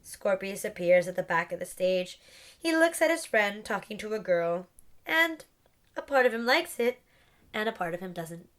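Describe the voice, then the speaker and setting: A woman's voice: medium pitch, very animated, normal speed. A woman reading a stage play aloud, saying the stage directions and the character names and giving each character a voice. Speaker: reader. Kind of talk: audiobook-style reading of a play script.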